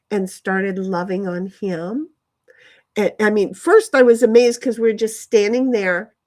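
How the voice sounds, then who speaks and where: Rambling chatty woman vlogger. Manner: chatty, meandering, many restarts and sudden excited jumps in pitch. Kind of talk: rambling casual monologue. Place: outdoors in a yard. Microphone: phone.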